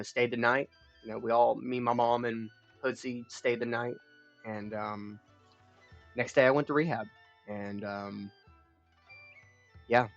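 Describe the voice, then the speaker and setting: A man's voice: mid-range voice, a bit bright, no echo. A young man live streaming, telling a long personal story in a rambling, profane, frank way. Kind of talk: casual storytelling chat. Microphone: streaming mic. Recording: dull lo-fi stream audio.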